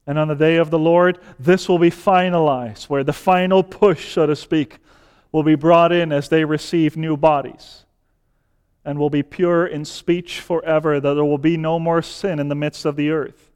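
A man preaching a sermon, speaking deliberately and building to fervent emphasis. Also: a little high, fairly even intonation, a little mellow, clean tone. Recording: long hall reverb.

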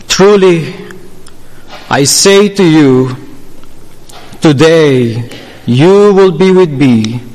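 Slow, high-voiced preacher in a reverberant hall. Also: male voice. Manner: slow, deliberate, emphatic preaching, rising to fervent pleas. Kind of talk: sermon.

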